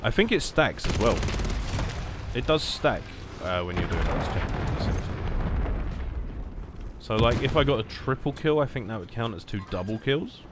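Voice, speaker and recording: A man's voice: mid-range voice, expressive, normal speed, noisy background. Sarcastic British man over gunfire. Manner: self-mocking, sarcastic, rambling. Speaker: gaming streamer. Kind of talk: casual gameplay commentary.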